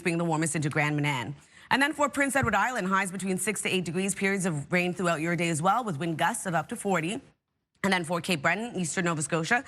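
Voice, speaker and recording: A woman presenting a TV weather forecast briskly and chatting on the morning show. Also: lowish voice, fairly bright tone. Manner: brisk, reads the forecast evenly. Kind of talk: weather forecast and casual chat.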